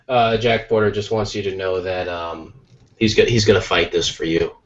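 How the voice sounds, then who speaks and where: A man's voice: deep voice, fairly even intonation, normal speed, lo-fi sound. A man co-hosting a podcast as an artist, joking and teasing casually while he draws. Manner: joking, teasing, playful voices in quoted bits. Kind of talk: casual chat while drawing.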